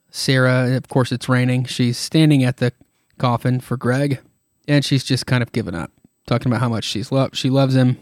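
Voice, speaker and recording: A man's voice: medium pitch, steady tone, moderate pace, no room sound, studio quality. A man hosting a podcast, casually retelling a comic with many fillers and irreverent asides, his throat tired. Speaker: podcast host.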